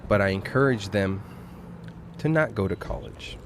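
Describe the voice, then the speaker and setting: A man's voice: lowish voice, expressive, normal speed, noisy background. A man hosting a podcast, musing thoughtfully in a casual conversation. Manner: reflective, muses on life and culture. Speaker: podcast host. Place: outdoor restaurant patio at night.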